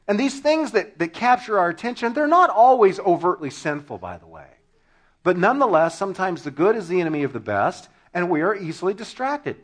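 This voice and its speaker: A high-pitched man preaching a lively sermon in a church. He tells funny stories and bursts into shouted punchlines, laughing along with the congregation. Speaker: pastor.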